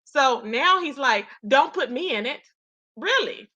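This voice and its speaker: A woman reacts to a streamed argument at a measured pace, her high-pitched voice animated and sharp. She talks directly to her chat, calling them "y'all," with sassy, gossipy commentary.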